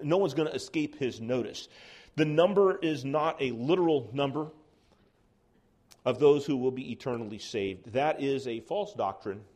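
A man teaching a Bible study class, explaining calmly and reading scripture passages aloud, with some restarts. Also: medium pitch.

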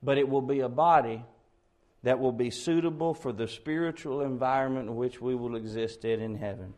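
A man preaching an expository sermon, building to loud, slowed, emphatic peaks on key words. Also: medium pitch.

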